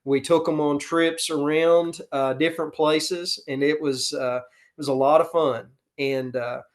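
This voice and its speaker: A man's voice: on the high side, fairly even intonation, measured pace. A middle-aged man, a football coach talking casually and earnestly in an interview, with many fillers. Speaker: podcast guest, football coach.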